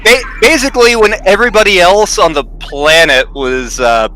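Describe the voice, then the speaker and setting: A man from Virginia co-hosting a game stream, chatting and rambling with quick jokes. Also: sits high, pushed and bright, a little hiss or hum. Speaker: co-host. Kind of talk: casual chat while streaming a game.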